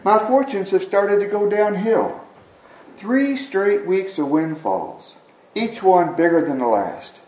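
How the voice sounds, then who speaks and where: A man's voice: high voice, expressive, slow, darkish tone, pitched above the performer's own voice. A man voicing a miserable grown man who moans about his luck, in a raised complaining voice. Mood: moaning. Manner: mournful and complaining. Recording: echoey room, mic at a distance.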